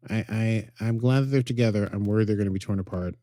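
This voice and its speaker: A man's voice: fairly low pitch, quick pace, mellow, no echo. A man co-hosting a podcast, chatting playfully and enthusiastically about a TV episode. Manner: playful, enthusiastic fan banter. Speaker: podcast co-host. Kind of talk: casual chat about a TV episode.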